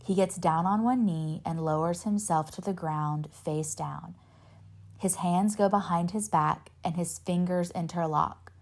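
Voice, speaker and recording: A woman reads a novel aloud in a steady first-person narration. Her voice sits on the low side with a gravelly fry, and she gives the dialogue a light touch. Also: unhurried. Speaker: reader.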